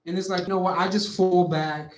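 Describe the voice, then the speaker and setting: A man's voice: high voice, level tone, a little fast. A man, telling stories in casual talk-show chat, full of "you know" fillers and street slang. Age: 50s. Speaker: co-host. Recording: roomy echo.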